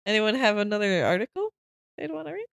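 A woman's voice: mid-range voice, sing-song, quick pace, creaky, no echo. A woman chatting casually on a podcast, laughing often and trailing off into restarts. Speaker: podcast panelist.

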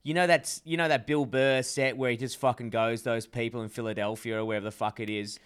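A man's voice: medium pitch, fairly even intonation, quick pace, clear, resonant tone. A man co-hosting a podcast, asking questions and joking in profane casual chat. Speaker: podcast co-host.

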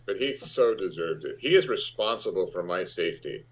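A man telling an animated, profane story as an interview guest, acting out the lines of other people. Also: low voice, fairly quick, few pauses, slightly rough. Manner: animated, profane anecdote-telling with acted-out quotes. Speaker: actor guest. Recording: dull lo-fi sound.

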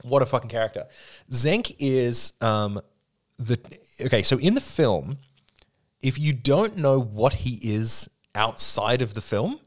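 An enthusiastic man hosting a casual podcast chat, explaining things at length with plenty of swearing. His voice sits at an ordinary middle pitch. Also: expressive, unhurried.

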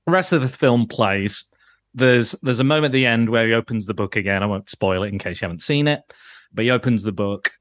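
A man's voice: fairly low pitch, brisk, fairly bright tone, dry recording, clean studio sound. A man co-hosting a podcast in casual chat, rambling and self-deprecating, swearing and laughing often as he talks. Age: adult, grew up in the nineties. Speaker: podcast co-host.

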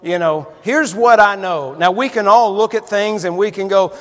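A male preacher, his voice pitched high for a man. He delivers a folksy, storytelling sermon that builds to fervent emphasis, and the words ring out with a long reverb from a large church hall. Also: expressive, moderate pace, fairly bright tone.

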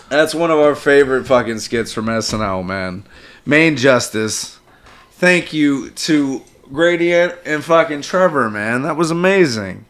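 A man's voice: mid-range voice, expressive, unhurried, over music. A man from the American South co-hosting a comedy podcast, laid-back and casually swearing. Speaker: podcast co-host. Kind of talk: casual chat.

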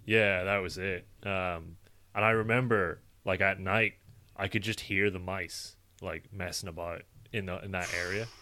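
A man telling stories in casual chat, laid-back and swearing freely, getting animated when he quotes himself. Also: low-pitched, a little slow.

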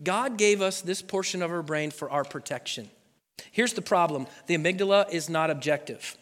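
A man's voice: fairly high pitch, normal speed. A man from Oregon preaching a sermon, telling a personal story with lots of animation and acted-out voices. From Oregon, USA. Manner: animated, acts out voices and sound effects. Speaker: pastor. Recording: long hall reverb.

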